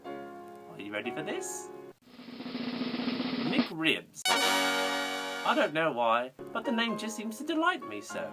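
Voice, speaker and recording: In an in-character fan parody video, a cosplayer answers viewer questions as an eccentric, giggling retired undertaker, an Englishman, with a theatrical sing-song delivery and a fond, whimsical manner. The medium-pitched voice swoops wildly in pitch, moves slowly with frequent pauses, and has loud music playing behind it.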